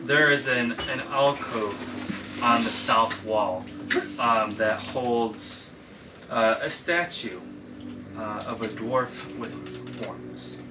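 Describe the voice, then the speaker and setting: Serving as dungeon master at a game table, a man narrates in a loose, rambling way full of ums and casual swearing. His medium-pitched voice goes slowly, and the distant mic picks up a roomy sound with clear background noise.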